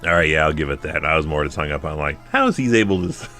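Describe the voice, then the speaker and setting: A man in his forties talks through a horror film on a podcast in a loose, rambling way, often restarting his sentences. His voice sits very low, and faint music plays behind him. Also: animated, rapid-fire, pushed and bright. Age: 40s. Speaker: podcast co-host. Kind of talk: casual film chat.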